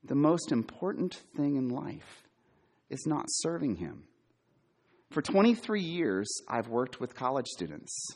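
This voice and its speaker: A middle-aged man preaching a sermon, quizzing his listeners and repeating key words for emphasis, sometimes loud and sometimes hushed. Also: medium pitch, sing-song, unhurried, slightly rough. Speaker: preacher, former campus minister.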